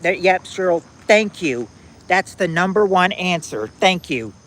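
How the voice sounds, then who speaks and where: A man hosting a casual trivia game on a livestream, reading viewers' answers aloud in a halting, repetitive way, outdoors at night on a phone. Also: sits high, expressive, a bit bright, low-quality recording. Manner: halting and repetitive, restarting phrases, drawling out answers.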